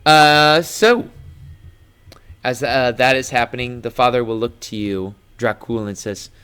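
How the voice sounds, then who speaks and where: A man narrating as game master of a tabletop game, relaxed and descriptive. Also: mid-range voice, a little slow, clean tone. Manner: relaxed, descriptive, filler-heavy.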